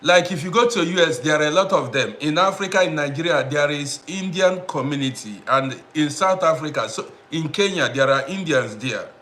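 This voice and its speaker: A man's voice: fairly high pitch, normal speed, hardly any pauses, bright, forceful tone. A man hosting a casual live stream, greeting viewers by name and repeating himself as he talks to the audience. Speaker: livestream host.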